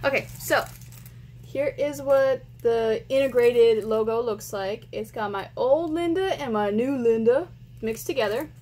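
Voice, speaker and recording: A woman hosting a casual gaming unboxing vlog, chatty and excitable, often breaking into squeals and laughs. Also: a little high, a little slow, rough recording. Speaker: gaming channel host.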